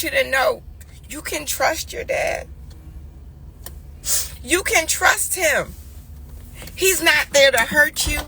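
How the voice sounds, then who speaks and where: A woman's voice: high-pitched, takes it slowly, creaky, pauses often, bright, forceful tone. A woman in her forties telling a family story that turns into a heartfelt morning message, earnest and emotional, repeating phrases for emphasis. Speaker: mother sharing a devotional. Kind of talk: heartfelt storytelling turning into preaching.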